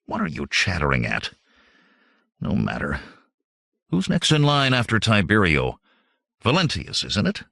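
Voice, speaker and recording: A sneering, rambling drunk of a failed mage chuckles over his wine, as a male reader puts him on. The voice sits low and gravelly, swooping widely in tone, close and dry. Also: huge pitch swings, unhurried, pauses often, pushed and bright, no echo, heavily acted. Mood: mocking.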